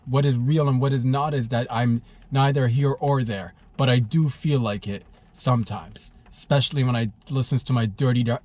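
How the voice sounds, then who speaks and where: Young male comedy podcast host, solo, crude and rambling, mid-pitched voice. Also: a little mellow. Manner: crude, rambling, loses his train of thought.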